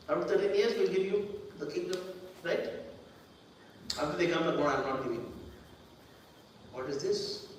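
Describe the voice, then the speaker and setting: Male preacher, talky sermon style, roomy distant sound with faint noise behind. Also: high-pitched. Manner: conversational, repeats words, acts out quoted voices. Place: temple hall. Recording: echoey hall from far off.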